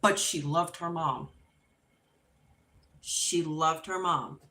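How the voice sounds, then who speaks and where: A middle-aged woman hosting a livestream, chatting casually and telling an unhurried story with laughs while she crafts. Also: deep voice, roomy sound. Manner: animated and expressive when acting out quotes. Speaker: livestream host.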